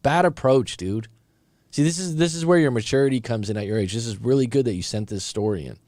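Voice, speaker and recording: On a live stream, a middle-aged breakup coach and host reacts to a viewer's story with blunt, conversational advice, calling him bro. His medium-pitched voice is expressive, fairly quick and a little mellow, with no echo, and he keeps repeating and restarting sentences.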